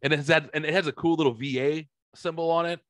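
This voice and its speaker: A man's voice: on the high side, fairly even intonation, fast, fairly bright tone, dry recording. A man hosting a podcast, telling a rambling story with lots of swearing and fillers. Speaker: podcast host. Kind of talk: casual storytelling chat.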